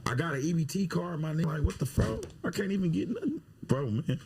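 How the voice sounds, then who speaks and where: A man's voice: fairly high pitch, very animated, quick pace, breathy edge. A man on a podcast, agitated and complaining, swearing. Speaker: podcast guest. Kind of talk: casual chat. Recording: clip with loud crowd behind.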